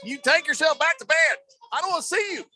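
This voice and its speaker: A man doing an impression of a blustery old male football team owner, rambling, boastful and shouting. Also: very high voice, sing-song, a little fast, faint music behind, pitched above the performer's own voice, exaggerated voice. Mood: ranting.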